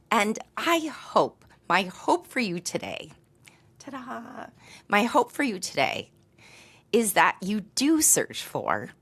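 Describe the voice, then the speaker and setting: A woman in her fifties talking earnestly to camera as a vlogger, reflective and heartfelt, with soft laughs. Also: mid-range voice, husky. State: briefly tearful. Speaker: lifestyle vlogger.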